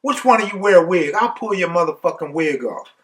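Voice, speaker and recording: Loud-mouthed inmate joker, high and jeering, put on by a male storyteller. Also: lively intonation, brisk, far from the mic. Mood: taunting. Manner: taunting, high-pitched jeering.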